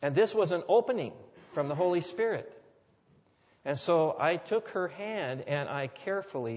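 A man's voice: on the high side, expressive, moderate pace, darkish tone. Earnest preaching man in a reverberant hall. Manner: earnest preaching, rising to emphatic repetition. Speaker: pastor. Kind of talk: sermon. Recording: long hall reverb, dull lo-fi sound.

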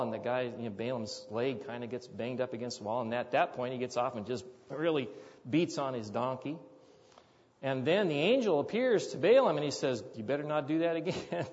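A man preaching a sermon, telling a story with animated, loud acted quotes and soft asides. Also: medium pitch, in a large hall, dull audio. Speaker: pastor.

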